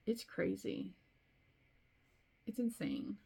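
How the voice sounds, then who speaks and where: A middle-aged woman hosting a crafting video, chatting casually to the camera and telling stories with animated, laughing delivery. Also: mid-range voice, unhurried, gravelly.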